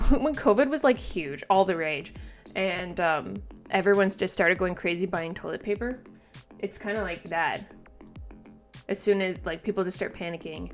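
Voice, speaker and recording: A woman's voice: fairly low pitch, moderate pace, soft background music. Exasperated woman reacting to manga. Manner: emphatic, exasperated, talkative; frequent "like" fillers and swearing. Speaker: manga reaction video host. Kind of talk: casual reaction commentary.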